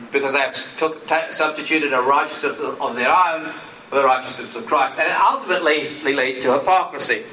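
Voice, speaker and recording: A man preaching a sermon as pastor, earnest, who now and then acts out inner voices in sudden higher bursts. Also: sharp tone, roomy sound, recorded from a distance, slight background noise, rough recording.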